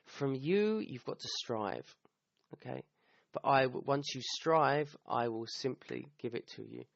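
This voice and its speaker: A man with a gravelly, mid-pitched voice explains a scripture verse in a relaxed talk. He keeps stopping to restart and checks in with a quick "okay?". The recording is dull and dry, with no room sound. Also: dry recording. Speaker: Quran teacher.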